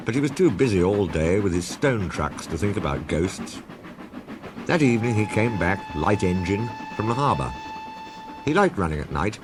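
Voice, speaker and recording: A man narrating a children's railway story in a storybook reading style, over steady background noise. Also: deep voice.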